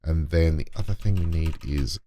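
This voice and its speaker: A man's voice: rumbling low, moderate pace, warm tone. A man giving casual gameplay commentary, muttering to himself and talking to in-game items as he builds. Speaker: let's play gamer.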